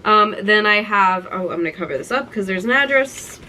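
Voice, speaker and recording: In this relaxed show-and-tell vlog, a twenty-something woman walks through her keepsakes with nostalgic enthusiasm, peppering her talk with "like." She speaks at medium pitch, a little fast, with an expressive, bright, forceful delivery. The rough recording has slight background noise.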